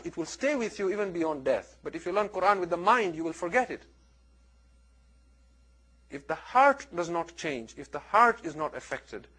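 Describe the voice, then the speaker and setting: A man giving a religious lecture, telling stories in an earnest, animated way with big swings between loud and soft. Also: sits high. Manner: earnest, animated storytelling with wide swings in loudness. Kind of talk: sermon with storytelling.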